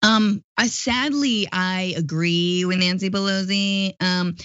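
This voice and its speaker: A woman in her thirties talks politics with animated passion, her opinions spilling out in quick runs and asides. Her voice sits at a middle pitch. The sound is dry and close, with slightly muffled highs. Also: smooth, no echo. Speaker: guest co-host, political commentator. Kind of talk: casual political commentary.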